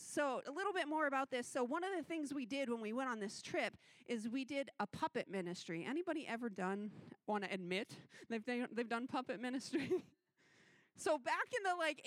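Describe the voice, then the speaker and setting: A woman youth minister giving a missions testimony sermon, telling her story in an animated way and acting out the voices she quotes. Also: on the high side, dry recording.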